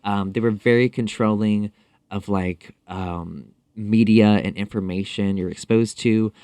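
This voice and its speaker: A man's voice: lowish voice, steady tone, warm tone, clear, resonant tone, no room sound. A man speaking as a podcast guest in a casual interview, talking thoughtfully with frequent fillers and restarts. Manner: thoughtful, halting, many fillers.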